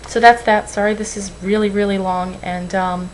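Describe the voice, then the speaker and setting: A woman's voice: medium pitch, steady tone, normal speed, a little hiss or hum, rough recording. A young woman vlogging at home into a webcam, rambling and apologizing, anxious and close to tears. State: tearful. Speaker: weight-loss vlogger. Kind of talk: emotional webcam vlog.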